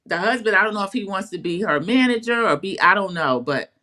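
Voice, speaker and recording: A woman's voice: medium pitch, animated, a little fast, bright, forceful tone. A woman co-hosting a casual chat show, retelling the episode in a chatty way and quoting people as she goes. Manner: chatty, storytelling, quotes people in a put-on voice. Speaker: co-host recapping a reality show.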